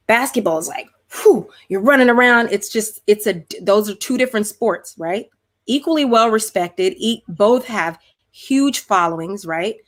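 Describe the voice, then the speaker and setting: A middle-aged woman talks animatedly over a video call, full of restarts and "like"s. Her pitch sits in the middle and her voice comes through a home call setup. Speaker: guest performer. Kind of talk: casual video-call chat.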